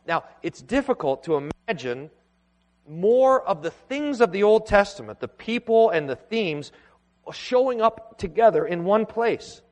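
High-voiced man preaching in a reverberant church. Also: sing-song, darkish tone. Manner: earnest, emphatic preaching with pauses and restarts. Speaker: pastor. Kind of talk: sermon. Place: church sanctuary. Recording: long hall reverb.

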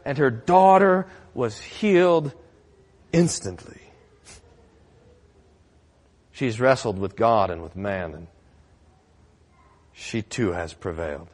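A man's voice: mid-range voice, expressive, unhurried, long pauses, darkish tone. A male pastor preaching a sermon in a church, conversational with wry humor.

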